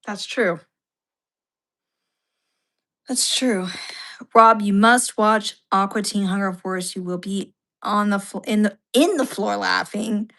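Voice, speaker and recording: A young woman talks fast and freely, jumping into anecdotes and acting out what friends said. Her pitch sits in the middle of the usual range. It comes through a video call. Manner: chatty, animated, quotes others in little voices. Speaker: co-host. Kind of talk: casual chat over a video call.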